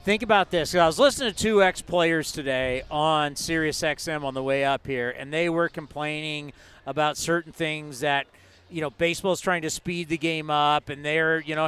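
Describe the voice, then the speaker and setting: A man hosting a sports talk show, chatty and animated, addressing listeners directly. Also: on the high side, moderate pace, smooth. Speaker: radio show host.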